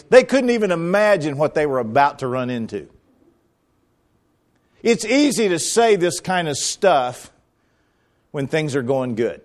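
A man's voice: fairly high pitch, very animated, a little slow, pauses often. A middle-aged man preaching a sermon as pastor, dramatic and swinging his voice up and down as he acts out quotes.

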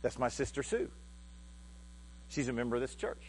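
A male pastor preaching a sermon in a halting, heartfelt way, often repeating words as he restarts. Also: medium pitch, expressive, slight background noise.

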